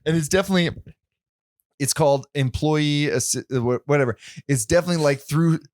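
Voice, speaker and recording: A man's voice: a little high, a little fast, a little mellow, no echo, clean studio sound. A man appearing as a guest comedian on a podcast, chatting casually. He laughs often and trails off mid-sentence.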